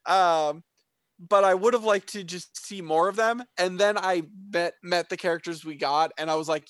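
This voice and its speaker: A man's voice: high voice, normal speed, fairly bright tone, dry recording. A man co-hosting a podcast, chatting casually about a TV show and rambling with lots of fillers and restarts. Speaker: podcast co-host. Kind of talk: casual chat reviewing a TV show.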